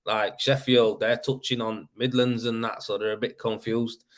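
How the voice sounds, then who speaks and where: A man's voice: medium pitch, flat delivery, moderate pace. A man from Leeds with a West Yorkshire accent, chatting casually on a livestream as host, laughing often and rambling. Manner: rambling, laughs often, says "you know what I mean". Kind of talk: casual livestream chat reading comments.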